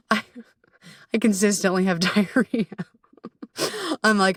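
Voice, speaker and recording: A woman's voice: mid-range voice, unhurried, pauses often, no room sound, studio quality, distant mic. A woman hosting a podcast as a coach, talking candidly and self-deprecatingly, swearing freely and laughing often.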